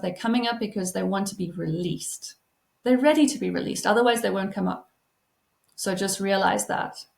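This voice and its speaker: A woman speaks softly and soothingly, guiding the listener through slow, deep breaths. Her mid-pitched voice has a gravelly edge of vocal fry. The room around her rings with a noticeable echo. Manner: soft, soothing, reassuring. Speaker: trauma-informed healing coach. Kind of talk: gentle guided breathing and self-help talk.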